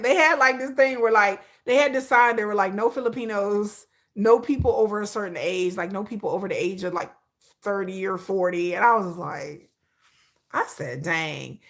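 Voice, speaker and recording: A woman hosting a livestream, chatting casually and animatedly with her viewers, often repeating herself for emphasis. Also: mid-range voice. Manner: animated, repetitive, talks straight to viewers. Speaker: livestream host.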